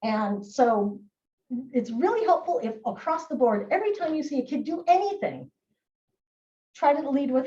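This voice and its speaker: This is a live training presentation on child behavior, recorded in a presentation room, where a woman with a high, mellow voice talks at normal speed. She brings quoted children and adults to life with swooping, lively inflection. Captured from afar in an echoey space, the sound is dull.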